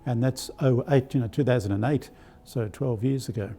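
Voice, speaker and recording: An older Australian archbishop telling personal stories in a live-streamed spiritual talk, with a gentle anecdotal manner and many fillers. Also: male voice, mid-range voice, moderate pace, vocal fry. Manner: warm anecdotal, hesitant with fillers.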